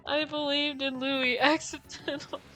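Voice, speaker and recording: Bright, high-voiced woman streaming a game. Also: little pitch movement, unhurried, poor audio. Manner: chatty, apologetic, laughs often, many fillers. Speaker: gaming streamer. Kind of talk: casual live-stream chat while playing. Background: game music.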